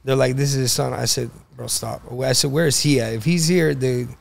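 Guy with a gravelly voice telling a crazy story, does the voices of people in it. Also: medium pitch, fairly quick. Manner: animated storyteller, acts out quoted dialogue. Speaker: guest, car broker. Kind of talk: casual storytelling on a podcast.

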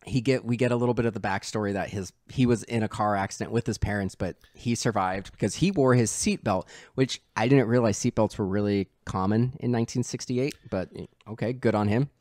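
Animated man recapping a movie. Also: fairly low pitch, a little fast, hardly any pauses, no echo, clean studio sound. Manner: animated retelling, acting out quoted lines. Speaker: podcast co-host. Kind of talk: casual podcast chat.

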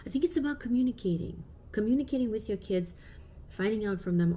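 A woman's voice: mid-range voice, lively intonation, fast talker, mellow. A woman in her thirties, a parent vlogger talking casually and reflectively to camera with many fillers.

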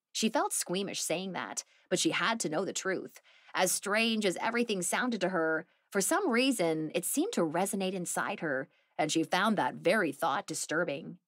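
Woman reading an audiobook, lively expressive voice, dead dry sound. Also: on the low side, moderate pace, no room sound. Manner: expressive storytelling. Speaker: audiobook narrator. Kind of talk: scripted narration.

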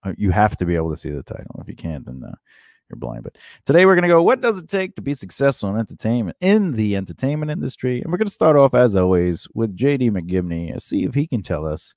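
A man's voice: lowish voice, big pitch swings, quick pace, a little mellow, dry recording, studio quality. A man co-hosting a podcast in casual comedic chat, rambling and joking, with many fillers and restarts. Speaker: podcast co-host.

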